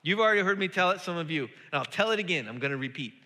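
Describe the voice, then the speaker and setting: A man preaching with a very bright, forceful voice pitched a bit high. He builds up to emphatic, repeated calls. His words ring out with a long hall reverb, as in a church sanctuary. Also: racing. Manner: animated, rising to emphatic repetition. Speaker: pastor. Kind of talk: sermon.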